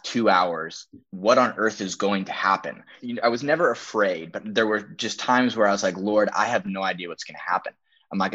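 Young man, low pitch, earnest storytelling, acts out quotes, dull recording. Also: a bit bright. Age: young adult. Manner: earnest, emphatic retelling with quoted dialogue. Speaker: guest. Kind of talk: storytelling testimony. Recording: dull lo-fi audio.

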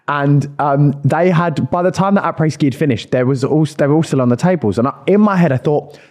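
A man's voice: a little high, fast, darkish tone. Playful young man podcasting. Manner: playful, jokey storyteller. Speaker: podcast co-host. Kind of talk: casual chat.

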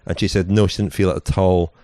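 Deep-voiced man chatting on a podcast. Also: steady tone, quick pace, warm tone, no echo. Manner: meandering, full of "you know" and restarts. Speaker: podcast co-host. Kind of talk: casual chat.

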